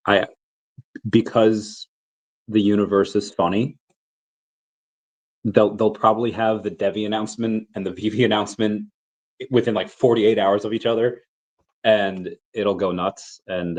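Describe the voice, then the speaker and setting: This crypto livestream host, a man in his thirties, rambles through a casual Q&A at normal speed with long pauses, his lowish voice showing little pitch movement. He has the flu, coughs now and then, restarts often, and the recording quality is low.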